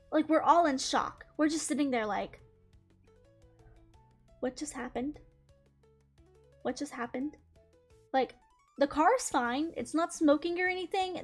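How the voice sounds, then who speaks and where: A young woman with a high, light voice tells a casual storytime as she draws, piling on "like" fillers and breaking into giggles. A faint bed of music plays underneath her. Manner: rambling, many "like" fillers, giggly. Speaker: YouTuber. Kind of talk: casual storytime while drawing.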